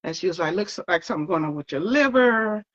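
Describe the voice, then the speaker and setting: A woman with a slightly low voice recounts her story in an interview. She talks in a loose, conversational way, full of fillers and quoted exchanges. The recording sounds dull and lo-fi. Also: expressive, quick pace. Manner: conversational, often quoting others, many fillers.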